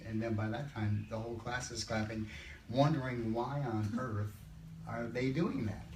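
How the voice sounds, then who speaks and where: Older male study-group leader, conversational, in a roomy space and heard from a distance. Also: lowish voice. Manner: conversational, slows down to read scripture. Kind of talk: Bible study discussion. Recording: roomy, distant mic, faint background noise.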